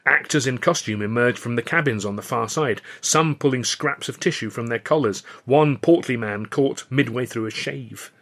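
A man narrating his own serialized novel in the first person, wry and measured. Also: mid-range voice, a bit bright. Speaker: author and reader of a serialized novel.

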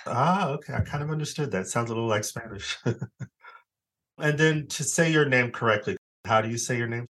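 A man hosting a podcast, reading a scripted welcome and then asking his guest questions in a relaxed way with easy laughter. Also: mid-range voice, brisk. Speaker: podcast host. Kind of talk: podcast interview.

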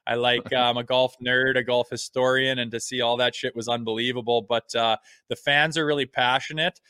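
Laid-back swearing ex-athlete storyteller. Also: male voice, mid-range voice, level tone, brisk, pushed and bright, clean tone, no room sound. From Canada. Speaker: podcast guest, former pro hockey player and firefighter. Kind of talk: casual chat.

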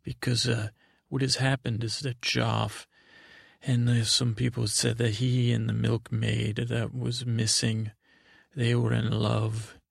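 A man improvising a rambling, halting comic story in a naive, childlike persona, full of restarts. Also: medium pitch, flat delivery, gravelly, breathy edge, no room sound, clean studio sound. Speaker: comedy podcast host. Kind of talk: improvised in-character comedy storytelling.

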